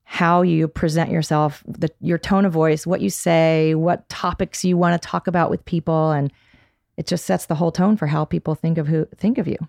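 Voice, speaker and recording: A woman's voice: low-pitched, steady tone, normal speed, creaky, a little mellow, dry recording, studio quality. A woman in her forties, a therapist, gives thoughtful advice as a guest in a casual podcast chat.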